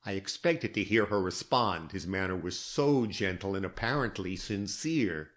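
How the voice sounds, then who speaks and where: A low-voiced man gives a scripted audiobook reading, narrating evenly and with measured control.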